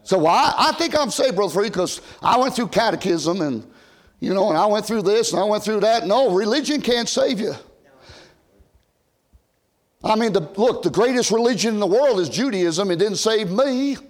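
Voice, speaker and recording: An older man preaching an old-time sermon from a church pulpit, rising to loud shouted emphasis and dropping to quiet asides. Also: sits high, lively intonation, fairly quick. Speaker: pastor.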